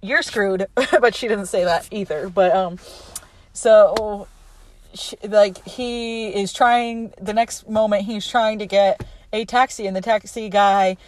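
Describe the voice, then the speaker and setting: A young adult woman casually recapping a movie scene by scene, in a chatty, animated way with plenty of fillers. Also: medium pitch, takes it slowly.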